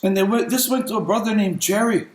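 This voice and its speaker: Throat-clearing pastor, roomy echo. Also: male voice, high voice, quick pace. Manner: conversational storytelling, often clearing his throat. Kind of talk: sermon.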